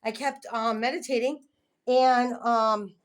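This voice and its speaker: A woman's voice: on the high side, steady tone, slow pace. A middle-aged woman chatting in a meandering, giggly way with many tangents, filming her home on a handheld phone. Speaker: vlogger. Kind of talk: casual rambling home vlog. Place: at home, indoors. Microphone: handheld phone camera filming the room, face off screen.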